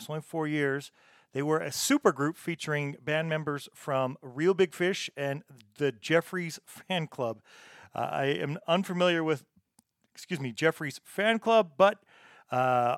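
A man's voice: fairly high pitch, no echo, clean studio sound. A man hosting a punk music podcast, introducing songs in an easygoing, chatty way with frequent "uh" fillers. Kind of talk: casual radio-show DJ talk.

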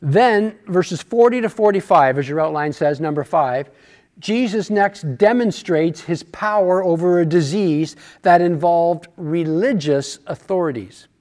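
Male Bible study teacher, high pitch, conversational, rhetorical questions. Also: a little mellow.

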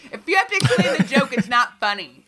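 A woman's voice: a little high, very animated, brisk, over a noisy crowd. A woman hosting a podcast in casual chat, joking, laughing often and swearing freely. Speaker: podcast host.

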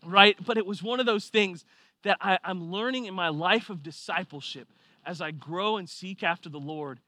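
A man preaching a sermon, telling a personal story with lively swings from quiet reflection to loud excitement. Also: high-pitched, normal speed, no echo. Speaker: pastor.

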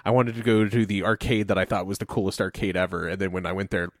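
Rambling, lower-voiced man from Ohio. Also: flat delivery, quick pace, no room sound, studio quality. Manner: rambling, full of fillers and laughter. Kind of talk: casual conversation.

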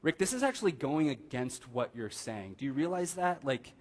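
A man's voice: mid-range voice, normal speed. Conversational male pastor preaching a sermon. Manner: conversational, asks the room "right?" often, animated quoting. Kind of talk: casual sermon. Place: church sanctuary.

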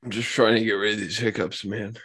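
A man's voice: fairly low pitch, little pitch movement, fairly quick, a bit bright, a little hiss or hum. A man with the hiccups, talking football bluntly and swearing in a casual chat.

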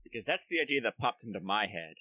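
A man's voice: on the low side, sing-song, fast, sharp tone, no echo, rough recording. Stammering male tabletop player. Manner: stammering, hesitant. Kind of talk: casual tabletop game chat.

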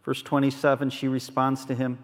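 A man preaching a sermon as a pastor, earnest and conversational, moving between soft and emphatic delivery. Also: mid-range voice, monotone, fairly quick. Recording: long reverb of a large hall.

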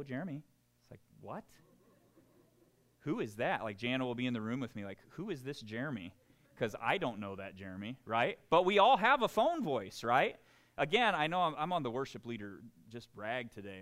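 A man preaching a sermon, animated and joking, often checking in with the congregation. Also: fairly high pitch. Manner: animated and joking, keeps asking the room "right?".

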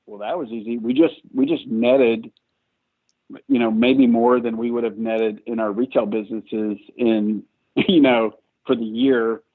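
A man guest in an interview, telling his story in a lively, self-mocking, chatty way. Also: mid-range voice, measured pace. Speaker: guest entrepreneur. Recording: tinny phone-like line, dry.

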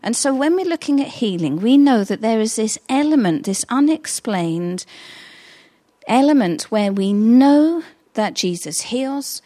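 A middle-aged woman delivers a sermon at a middle pitch. She tells stories in a conversational, earnest manner, as if chatting with her congregation. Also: darkish tone. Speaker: pastor.

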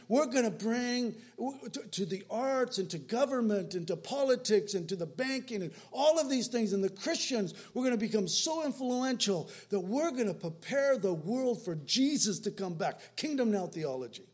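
A man with a high, husky voice preaching a sermon. He talks in a loose, conversational way, repeating words and restarting his sentences. He moves between louder emphasis and quiet asides. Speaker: pastor.

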